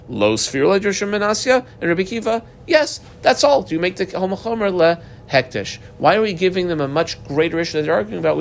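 A man teaching a Talmud class, reading Aramaic lines aloud and then explaining them in plain English. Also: a little high.

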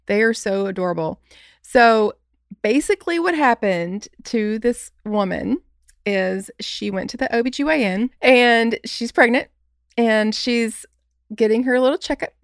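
A woman's voice: fairly high pitch, unhurried, no echo, clean studio sound. A young adult woman telling a funny story in a bubbly, giggly way, acting out the quotes. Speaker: podcast co-host. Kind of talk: casual storytelling.

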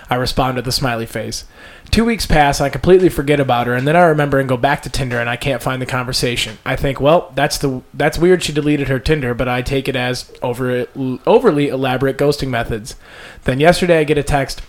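A man's voice: medium pitch, fast. Casual man co-hosting a podcast. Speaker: podcast co-host. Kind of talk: casual podcast chat and reading a story aloud.

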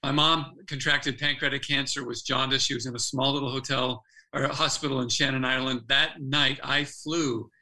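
A man's voice: medium pitch, flat delivery, moderate pace, few pauses, sharp tone, low-quality recording. An older man, a former athlete turned speaker, earnestly telling a personal story as a podcast guest, restarting his phrases as he goes.

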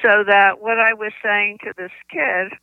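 An older woman, a children's book author, telling stories in an interview, with halting speech and frequent restarts, on slightly muffled lo-fi audio. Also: medium pitch, level tone, gravelly, clean tone, no room sound. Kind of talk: conversational interview storytelling.

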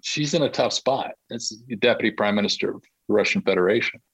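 A man tells a long anecdote as a podcast guest, his fairly low voice animated and often breaking into laughter. The recording is dry and close, with almost no room sound. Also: fairly quick, creaky, breathy edge, no room sound, rough recording. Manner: lively storyteller who laughs through his own tale. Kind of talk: anecdotal storytelling.

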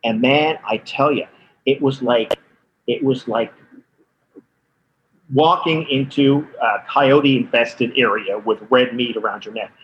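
Animated Canadian comedian on a phone line. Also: male voice, medium pitch, takes it slowly, pauses often, slight background noise. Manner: animated, laughing, slipping into voices. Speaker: comedian guest calling in. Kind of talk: anecdotal storytelling.

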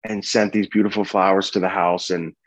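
Guy in his 30s telling his story, kinda low voice, stops and restarts a lot, dry close sound. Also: little pitch movement, no echo. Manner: halting, earnest, frequent restarts and fillers. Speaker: interview guest sharing a personal story. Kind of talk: candid personal storytelling.

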